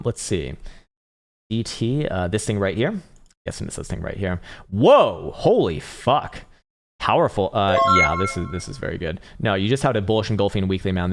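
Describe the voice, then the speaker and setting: Casting: young male livestream host, very low voice, relaxed, swears casually, laughs a lot while reading chat. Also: vocal fry. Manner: laid-back, swears casually, laughs often, answers chat. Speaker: trading analyst livestream host. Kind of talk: casual live chart analysis.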